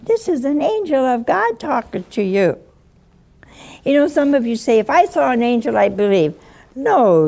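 An older woman giving a lively sermon, acting out voices from the story and chuckling often. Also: high-pitched, moderate pace, vocal fry. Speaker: preacher.

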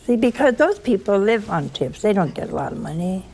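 A woman's voice: mid-range voice, sing-song, fairly quick, hardly any pauses, a little mellow, husky. A woman giving an informal sermon, telling chatty, teasing stories with a folksy touch. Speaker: religious speaker.

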